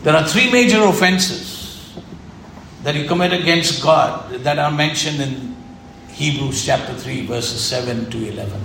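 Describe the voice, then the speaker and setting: Male preacher, gravelly and somewhat high-pitched, earnest and repetitive, echoey room. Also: animated, measured pace, fairly bright tone. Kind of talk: sermon. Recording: echoey room with faint ambient noise.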